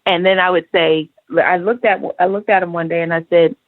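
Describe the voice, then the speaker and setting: A woman's voice: lowish voice, fairly even intonation, brisk, no echo. A woman hosting a talk show, speaking earnestly in a sermon-like way and addressing listeners directly. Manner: earnest, sermon-like, talks straight to the audience. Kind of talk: preachy talk show commentary. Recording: tinny, dry phone line.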